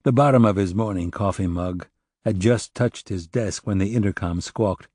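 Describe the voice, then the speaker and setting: Low-voiced male audiobook narrator. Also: expressive, fairly quick, mellow, no echo, clean studio sound. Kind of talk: scripted narration.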